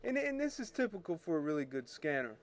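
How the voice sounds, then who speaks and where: A man's voice: fairly high pitch, very animated, fast talker, a little hiss or hum. A man hosting a photo retouching show, explaining scanner settings in a chatty, rambling way that corrects itself as he works at his computer. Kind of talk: casual screen-share tutorial.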